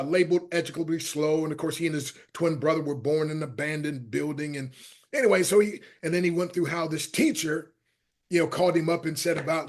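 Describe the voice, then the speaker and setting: A middle-aged man with a husky, somewhat high voice tells stories as a guest in an interview. He talks in a lively, animated way and acts out the people he quotes. His loudness swings from soft asides to near shouts. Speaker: podcast guest, motivational speaker. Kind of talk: storytelling interview talk.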